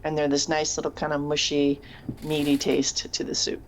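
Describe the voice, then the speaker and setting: A woman's voice: deep voice, completely flat delivery, moderate pace, a little hiss or hum. A woman co-hosting a casual live chat show, a teacher who rambles through stories and laughs often. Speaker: podcast co-host.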